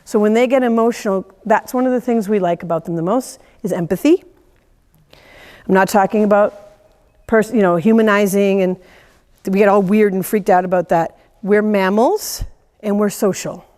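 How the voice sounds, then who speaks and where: A woman teaching a class of horse owners, animated, laughing often and acting out quoted voices. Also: mid-range voice, moderate pace, in a large hall. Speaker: horse trainer giving a lecture. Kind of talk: lively teaching talk.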